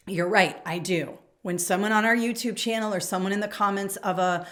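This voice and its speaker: A woman's voice: mid-range voice, brisk, fairly bright tone. A woman in her forties coaching teachers on email habits, talking straight to camera in a direct, emphatic way and reading sample emails aloud. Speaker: education coach. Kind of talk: instructional talk to camera.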